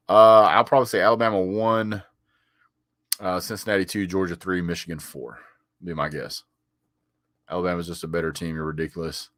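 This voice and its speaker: A very low-voiced man banters through a live stream, reading out viewer comments and firing back. He stammers and repeats words now and then, and his voice sounds close and dry with no room around it. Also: a bit bright, no echo. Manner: reads viewer comments aloud and answers them; frequent chuckles and "sir" rebuttals. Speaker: sports vlogger reading live chat.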